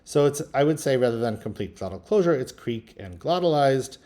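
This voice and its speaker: Relaxed low-voiced man teaching software. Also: fairly quick. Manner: relaxed, thinking aloud with frequent ums. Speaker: linguistics instructor. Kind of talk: screen-recorded software tutorial.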